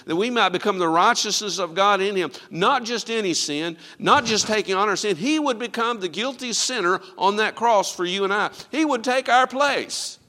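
A man preaching a sermon, quoting scripture and swinging from loud, ringing lines to hushed ones. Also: high-pitched, normal speed, few pauses, in a large hall.

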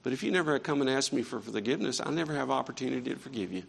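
A man preaching a sermon in a church, swinging between quiet earnest stretches and fervent raised passages. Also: medium pitch, expressive, very fast, creaky, slightly rough, long reverb tail. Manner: impassioned preaching with rising and falling intensity. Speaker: pastor. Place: church sanctuary.

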